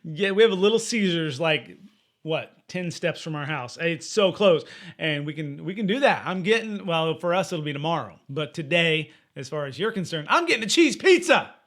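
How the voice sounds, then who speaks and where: A man's voice: on the high side, lively intonation, a bit bright. Playful young man co-hosting a podcast. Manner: playful, jokey, quick to riff. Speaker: podcast co-host. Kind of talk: casual chat.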